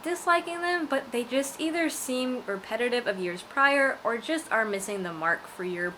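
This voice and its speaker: A woman's voice: on the high side, animated, normal speed, pushed and bright, slight background noise, rough recording. A woman vlogger speaks in a slightly raised register, loose and rambly, joking with her viewers. She sounds tired but keeps things playful as she talks at home, with faint room ambience behind her. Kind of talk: casual vlog chat.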